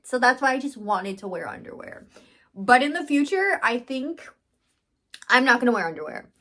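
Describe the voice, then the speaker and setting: A young woman tells a storytime into her phone camera, her voice sitting a little high. She laughs often and plays out her own inner thoughts with animated, dramatic flair. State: just bit her lip, bleeding. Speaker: massage therapist and vlogger. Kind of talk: casual storytime vlog.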